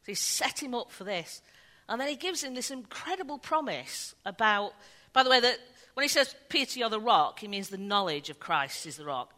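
A woman preaching a sermon, telling the story in an animated way and acting out the voices of the people in it. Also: a little high, moderate pace. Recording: long hall reverb.

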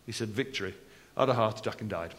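A man preaching a sermon, animated and joking with the congregation between readings. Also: fairly low pitch, racing. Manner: animated, jokey asides with the congregation. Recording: long hall reverb.

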